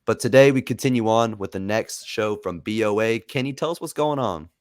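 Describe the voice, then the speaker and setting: A man's voice: fairly low pitch, brisk, a little mellow, dry recording, clean studio sound. A man hosting a podcast in casual chat, who jokes, swears freely and laughs between lines. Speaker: podcast host.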